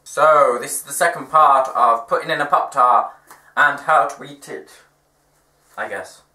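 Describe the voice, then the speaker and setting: A chatty young male vlogger with a bright, sharp voice. He talks in an upbeat, self-mocking way in an echoey room at home. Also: medium pitch, measured pace. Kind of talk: casual vlog chat.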